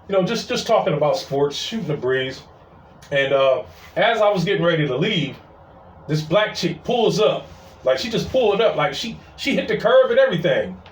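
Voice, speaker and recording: A man casually telling a story, animated and full of "I was like". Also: sits high. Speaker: storyteller, city parking attendant. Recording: roomy sound from a distance.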